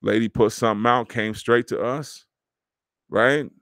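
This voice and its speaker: A man's voice: medium pitch, steady tone, a little slow, a bit bright, no echo, studio quality. A man hosting a podcast, talking in a casual, slangy, preachy way to his listeners. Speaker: podcast host. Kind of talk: motivational podcast monologue.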